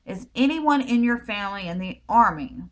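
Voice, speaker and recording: An American woman with a Southern accent, from the United States, works through a list of personal questions in a casual vlog. Her mid-range voice is animated and moves at a normal speed, and her answers are easygoing and rambling.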